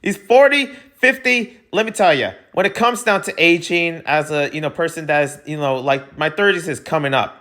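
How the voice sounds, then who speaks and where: A man in his twenties, rambling and excitable as he reviews a show in a casual vlog, often repeating himself. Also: a little high, normal speed, few pauses. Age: 20s.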